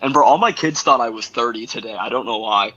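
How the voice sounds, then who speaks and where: A young man with a bright, forceful voice and an ordinary, middling pitch. He chats casually on a sports podcast and tells lively stories, acting out what each person in them says. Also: quick pace, highs cut off. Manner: animated storyteller, acts out quotes. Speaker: podcast co-host and schoolteacher.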